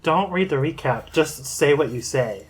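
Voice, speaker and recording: A man playing a tabletop game, joking with the table and reading a session recap aloud in quick bursts. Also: on the high side, expressive, breathy edge, soft background music. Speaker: player.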